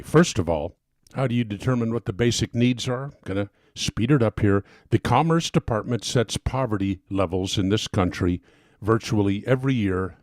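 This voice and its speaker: A man's voice: lowish voice, a little mellow, no echo, clean studio sound. A man giving a persuasive talk as an advocate, emphatic and getting worked up as he speaks.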